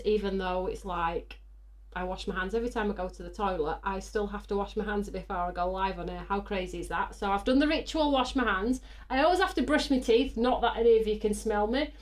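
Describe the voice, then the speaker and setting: A woman hosting a live crafting stream, chatty and bubbly, talking straight to her viewers while catching her breath. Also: medium pitch. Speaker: host of a live crafting show. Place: craft studio.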